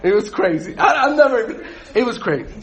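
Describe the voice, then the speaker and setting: A man leading a group Bible study, animated, asking the group questions and laughing often. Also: high-pitched, brisk.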